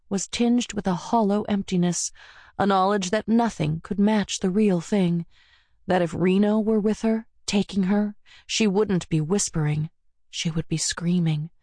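A woman reading a romance audiobook in an intimate, sultry manner, dropping at times to a soft whisper, on a close studio microphone. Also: fairly low pitch, no room sound. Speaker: audiobook narrator. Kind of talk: scripted romance narration.

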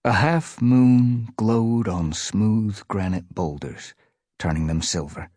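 A man narrating an audiobook, dramatic and hushed in the quiet passages, recorded close on a studio mic. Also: lowish voice, slow pace, no room sound. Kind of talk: scripted narration.

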